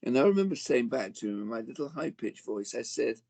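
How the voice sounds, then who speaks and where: A man's voice: medium pitch, very animated, a little fast, gravelly, few pauses, dark tone. A man in his forties giving a motivational talk to parents, telling a personal story with dramatic swings and calling his listeners folks. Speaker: speaker addressing parents.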